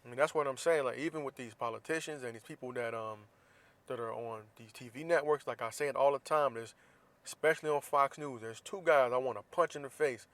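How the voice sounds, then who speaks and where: A man's voice: medium pitch, fairly quick, fairly bright tone. Florida guy doing his podcast rant, blunt and heated, swears a lot. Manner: blunt, heated, profane ranting. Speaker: podcast host. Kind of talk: casual opinion monologue.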